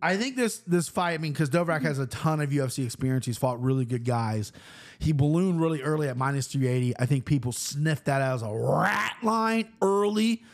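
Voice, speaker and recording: A man hosting a fight-betting show, talking in a rambling, profane, animated way. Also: a little high, moderate pace. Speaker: host of a fight-picks show. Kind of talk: casual betting chat.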